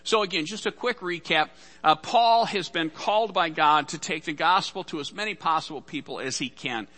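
A man's voice: a little high, moderate pace, bright, forceful tone. A man preaching a sermon as pastor, casual and conversational, acting out the voices in Bible stories.

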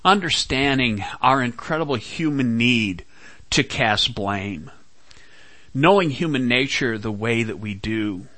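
Guy preaching a sermon real slow, dramatic, dry close sound. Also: mid-range voice, expressive, pushed and bright, no echo. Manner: slow, dramatic delivery with quoted dialogue. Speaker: pastor.

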